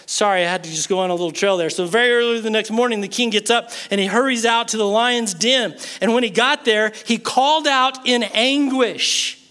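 A man preaching a sermon, retelling a Bible story in an animated way and acting out the characters' words. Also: high-pitched, brisk, few pauses. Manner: animated storytelling, acts out the king's and Daniel's words. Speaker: pastor.

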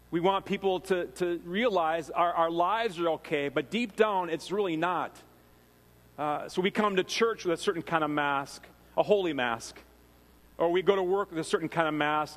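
A Minnesotan man preaching a casual, story-driven sermon, his fairly high voice trailing into a long reverberant tail. He talks like he's chatting with the congregation, circling back with fillers and restarts. The sound carries the echo of a big sanctuary. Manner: conversational, animated storytelling with frequent fillers and restarts. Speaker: pastor. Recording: long reverb of a large hall.

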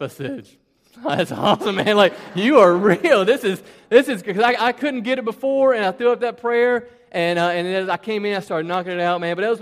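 High-voiced man preaching in a reverberant hall. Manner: animated, chatty, repeats words while telling stories. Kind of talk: children's sermon storytelling.

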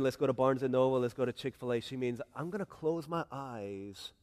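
A man preaching a sermon as pastor, telling stories animatedly and swinging between hushed, tender passages and excited outbursts. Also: medium pitch.

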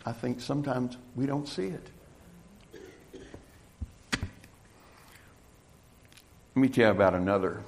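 Emphatic preaching man, lowish voice. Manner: emphatic, swings from loud exhortation to quiet storytelling. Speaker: pastor. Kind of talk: sermon.

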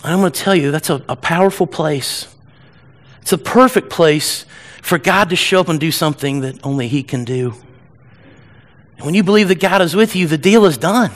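A middle-aged man preaches a sermon to a church. His voice sits fairly high, and he keeps it animated and humorous, slipping into whiny voices to act out scenes. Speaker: pastor.

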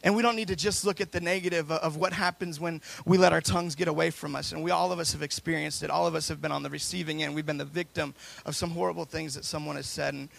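Gravelly-voiced pastor preaching. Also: male voice, on the high side, steady tone, quick pace, hardly any pauses, a bit bright. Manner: preaching with rising intensity and repeated phrases. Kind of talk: sermon.

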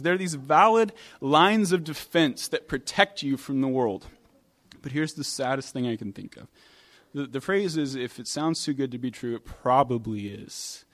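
A man preaching a sermon, from New York, telling stories in a relaxed, conversational way with pauses and restarts. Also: on the high side. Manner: conversational storytelling with hesitations. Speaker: pastor.

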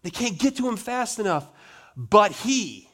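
A male pastor delivers a dramatic sermon in a high, sing-song voice, slowing down for emphatic stresses and dropping into soft asides.

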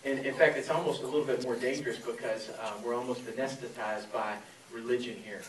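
A man's voice: mid-range voice, steady tone, a little fast, a little hiss or hum. A man in his forties from Florida, preaching a sermon as a pastor in a conversational storytelling way with many fillers. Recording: echoey room from a distance.

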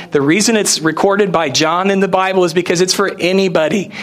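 A man preaching a sermon, his voice slightly high, keeps the feel of a friendly, loose storytelling session. Rhetorical questions to the congregation come again and again.

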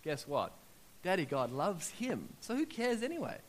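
A middle-aged Australian man preaches a sermon at a moderate pace, his voice sitting high. He shares personal testimonies, acts out what people said, and builds to loud, excited peaks.

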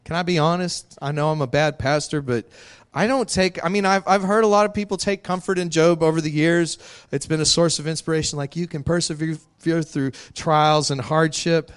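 A man's voice: on the high side, fairly even intonation, normal speed, smooth. A male pastor preaching a sermon in a candid, conversational way, laughing often.

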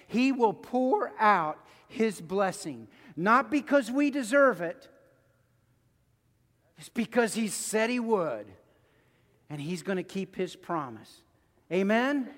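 High-pitched guy pastor, preaching casual-like, lots of repeats, church sanctuary with long echo. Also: lively intonation, slow pace, pauses often, fairly bright tone. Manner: conversational preaching with repetitions and stories. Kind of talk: sermon.

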